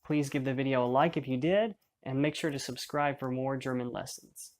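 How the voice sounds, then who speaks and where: A man's voice: mid-range voice, normal speed, darkish tone, a little hiss or hum. A man teaching a beginner language lesson, explaining each step patiently and in order.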